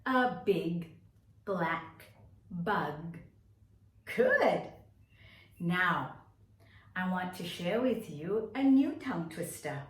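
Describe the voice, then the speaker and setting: Slow, lilting woman teaching little kids. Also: on the low side, sing-song, recorded from a distance. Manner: slow, exaggerated instructions with stretched words; cheerful, encouraging tone for small children. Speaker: drama teacher for nursery children. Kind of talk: children's online lesson. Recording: echoey room, voice away from mic.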